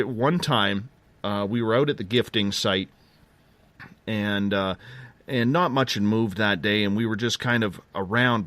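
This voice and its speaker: A middle-aged man tells a story as a radio interview guest, and his excitement keeps getting ahead of him, so he restarts sentences and jumps back. His voice sits low, and the sound is dry with no room around it. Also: no room sound. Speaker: interview guest, field investigator.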